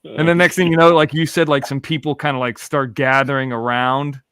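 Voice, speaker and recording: A man's voice: a little high, little pitch movement, fairly quick, a bit bright, smooth, no echo, clean studio sound. A man in his forties from Florida, a podcast host telling rambling, profane stories in casual chat. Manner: rambling, profane, laid-back.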